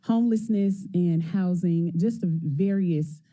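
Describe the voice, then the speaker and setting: A woman in her forties, a teacher introducing her class at a council meeting, lively and a little out of breath, laughing now and then. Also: fairly low pitch, a little slow. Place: council chamber.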